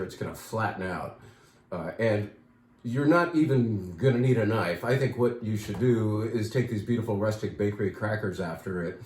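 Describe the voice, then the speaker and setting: A man's voice: lowish voice, a little mellow, echoey room. A man hosting a casual wine shop talk, chatty and enthusiastic, with many fillers and asides.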